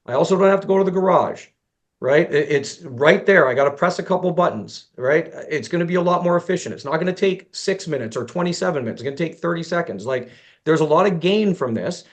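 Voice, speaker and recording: A male golf instructor speaks in a slightly high voice with a gravelly edge. His talk is loose and conversational. He tells a self-deprecating story, plays out both sides of the dialogue, and often stumbles into restarts. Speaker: golf instructor presenting to fellow teachers. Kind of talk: conversational presentation with an extended story.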